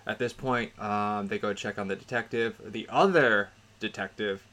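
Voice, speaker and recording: A man's voice: fairly low pitch, normal speed. A man co-hosting a podcast, retelling a film's plot in casual chat, often laughing. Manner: laughing, animated retelling with acted quotes. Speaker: podcast co-host. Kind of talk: casual movie recap chat.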